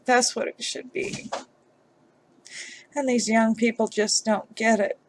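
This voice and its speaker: Woman, vlogger, upset and halting, sighing, emotional commentary, fairly high voice, gravelly edge. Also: little pitch movement. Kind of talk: emotional commentary on a news story.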